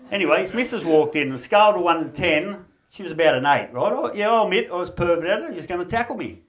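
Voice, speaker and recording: A man's voice: on the high side, fairly bright tone. An Australian man doing a stand-up comedy routine, reeling off puns and laughing at his own jokes.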